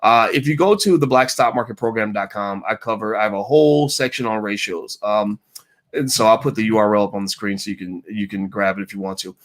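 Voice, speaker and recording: A man's voice: on the low side, a little fast. A middle-aged man hosting a casual livestream Q&A, reading viewer comments aloud in an upbeat way with frequent fillers. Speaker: host answering viewer questions.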